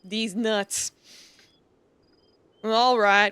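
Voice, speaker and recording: A woman's voice: on the high side, normal speed, fairly bright tone, smooth, no echo. A woman streamer chatting with viewers and reading a game aloud, giggly and chatty. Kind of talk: casual gaming commentary and reading aloud.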